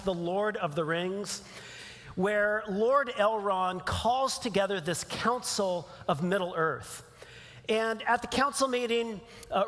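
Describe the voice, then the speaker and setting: A pastor giving a conversational sermon in a church, with casual fillers and restarts. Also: male voice, high-pitched, fairly bright tone, big-room sound. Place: church sanctuary.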